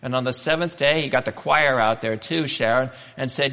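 A man's voice: mid-range voice, normal speed, a bit bright, big-room sound. A male pastor preaching a sermon, telling stories in a conversational way and asking the congregation rhetorical questions.

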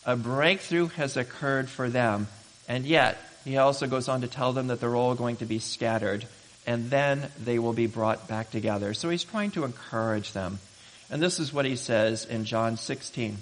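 A man preaching a sermon as pastor, emphatic and building to loud exhortation. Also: mid-range voice, moderate pace. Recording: reverberant hall.

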